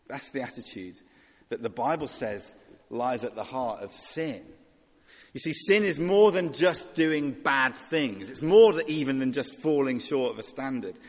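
A man delivers a sermon in a chatty, questioning way, slipping into mock voices for the people in his story. His voice is a little husky and swings lively in pitch. It carries a long reverb from a big hall. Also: measured pace. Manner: conversational, rhetorical questions, voices characters mockingly. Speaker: preacher.

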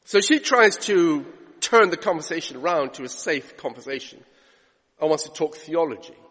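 A man's voice: on the high side, expressive, normal speed, fairly bright tone, breathy edge, in a large hall. A man preaching a sermon as pastor, retelling scripture stories in a conversational way that builds to emphatic preaching. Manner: storytelling, rising to emphatic preaching. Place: church.

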